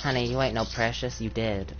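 A woman's voice: extremely low pitch, steady tone, a little fast, background noise. A woman streamer chatting casually and bantering crudely while she plays a game. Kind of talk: casual gaming chat. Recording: muffled stream audio with game music.

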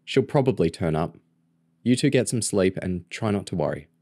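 Calm adult woman, read by a man in his own deep voice, reassuring, dry close sound. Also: normal speed, dry recording.

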